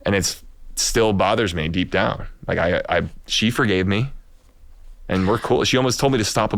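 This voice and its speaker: A man hosts a podcast with a very low, gravelly voice, and he speaks candidly, stopping and restarting as he works through his thoughts. He is recorded close up in a dry space. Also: a bit bright, no echo. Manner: candid, halting, confessional. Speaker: podcast host. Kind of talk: conversational podcast interview.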